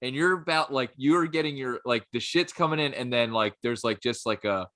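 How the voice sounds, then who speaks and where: A man co-hosting a podcast in easygoing, casual chat. His voice is bright with a middle pitch. He rambles, hunting for words and filling his speech with "like" and "you know". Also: a little fast. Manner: rambling, full of "like" and restarts. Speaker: podcast co-host.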